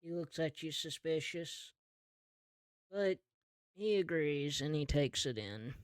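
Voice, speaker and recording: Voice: mid-range voice, animated, slow, dry recording, studio quality. A game master narrating a tabletop game in an easygoing, second-person storytelling way.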